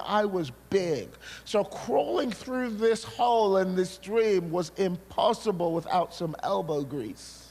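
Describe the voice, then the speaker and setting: High-voiced male preacher in a big hall. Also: gravelly. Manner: animated storytelling, acts out his own past words, bursts of shouting. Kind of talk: sermon testimony. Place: large church hall. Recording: long hall reverb.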